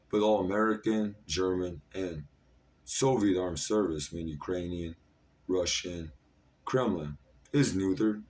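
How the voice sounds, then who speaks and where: A deep, somewhat mellow male voice, a little slow, belongs to a man in his thirties rambling to camera. His speech is fragmented and jumpy, with lots of fillers. The mic is placed a bit away from him.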